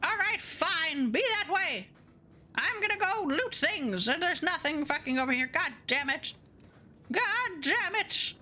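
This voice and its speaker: A woman streamer giving casual, profane, excitable commentary while playing a video game. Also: very high-pitched, unhurried.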